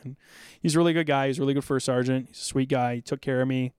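Man, middle-aged, podcast guest, intense, profane, amped up, clear voice, dry sound. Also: mid-range voice, steady tone, fast talker, darkish tone, no echo. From South Dakota. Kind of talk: casual storytelling.

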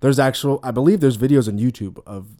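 A man's voice: medium pitch, quick pace, warm tone. A man hosting a casual podcast, rambling with lots of fillers and restarts. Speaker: podcast host. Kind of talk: casual chat.

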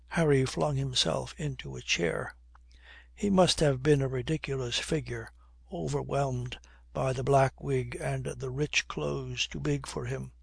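A man narrating a historical novel in a measured, even reading, close to the mic. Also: medium pitch, vocal fry, husky, dry recording. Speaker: audiobook narrator. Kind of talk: scripted narration.

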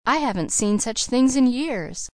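Woman reading a gentle, reassuring older friend. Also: fairly high pitch, lively intonation, unhurried, dry recording, pitched above the performer's own voice. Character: kindly, composed grown woman mentor.

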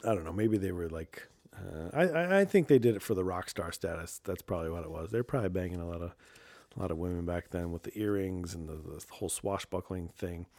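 A man's voice: fairly low pitch, dark tone, dry recording. A man hosting a casual talk show, rambling and sarcastic, reading news aloud and muttering asides. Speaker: podcast host.

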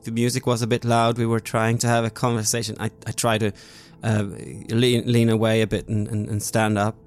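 A man's voice: lowish voice, completely flat delivery, brisk. A man playing a tabletop role-playing game in character, stammering and hesitant. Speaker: player.

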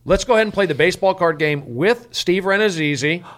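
A man hosting a comedy podcast, bossy and exasperated, repeatedly telling the others to slow down. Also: sits high, fairly bright tone. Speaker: podcast host. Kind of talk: casual comedy podcast banter.

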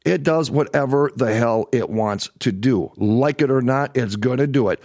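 A man's voice: medium pitch, normal speed, darkish tone, no room sound, clean studio sound. Fired-up man ranting on his livestream. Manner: heated, profane, repeats himself for emphasis. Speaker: host of a livestream political show. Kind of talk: angry livestream political rant.

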